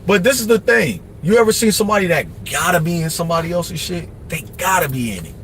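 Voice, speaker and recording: A man hosting a livestream, giving casual life advice in a blunt, profane, preachy way, often mimicking other people in quick asides. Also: a little high, expressive, slight background noise. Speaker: livestream host.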